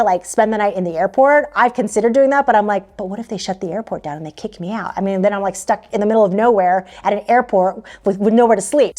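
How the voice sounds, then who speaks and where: A young adult Philippines-connected American woman, a travel vlogger, talks casually to camera while sharing travel tips. Her voice is medium-pitched with a darkish tone, and she's chatty, full of fillers and frequent laughs.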